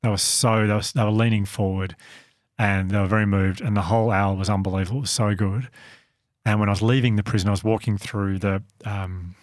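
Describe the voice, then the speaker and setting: A fairly low-voiced man tells a story on a podcast. He sounds earnest and a little self-deprecating. The sound is dry and close to the mic. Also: steady tone, brisk, no room sound. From Australia. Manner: earnest, self-deprecating, laughs at own slips. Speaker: podcast co-host and company founder. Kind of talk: casual storytelling chat.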